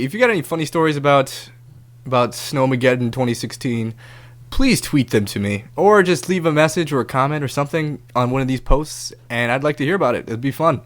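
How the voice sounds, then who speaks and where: A man with a mid-range voice, hosting his own podcast, recounts a story in a casual, spirited monologue. Cursing freely, he acts out other people's lines in raised voices.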